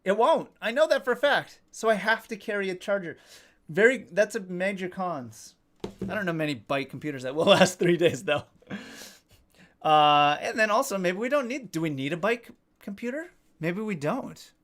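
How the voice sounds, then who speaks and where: A man's voice: high-pitched, expressive, moderate pace, a bit bright. A man hosting a casual live stream, chatting with viewers and reading their comments in a joking, self-deprecating way, swearing now and then. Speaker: livestream host.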